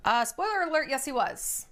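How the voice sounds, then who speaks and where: Woman, exasperated storyteller, high and very lively, acts out quotes. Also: a little hiss or hum. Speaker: TikTok storyteller. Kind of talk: casual venting storytelling.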